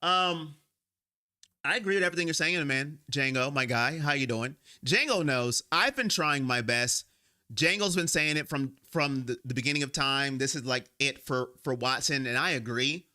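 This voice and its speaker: A man's voice: mid-range voice, normal speed, sharp tone. A man hosting a sports fan live stream, emotional and rambling as he vents and talks straight to viewers on his own microphone.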